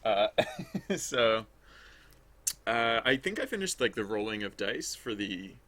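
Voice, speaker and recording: A man's voice: lowish voice, very animated, slow pace, pushed and bright. A man streaming his game development work, chatting casually and rambling as he thinks aloud. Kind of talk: casual livestream commentary while working.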